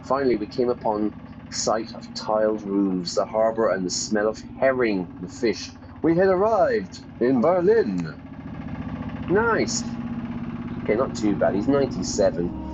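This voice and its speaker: A man's voice: on the low side, highs cut off, noisy background. A man teaching English while reading a game's story text aloud, playfully stopping to explain words and correct himself. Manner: playful, pauses to gloss vocabulary and self-correct. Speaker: English teacher streaming a game.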